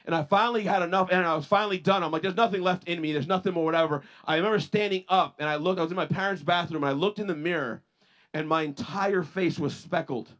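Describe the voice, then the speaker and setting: A man's voice: fast talker, fairly bright tone. A male pastor preaching a sermon, telling personal stories with many repeated restarts and rising emphasis on his points. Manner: rises in pitch and force on points of emphasis.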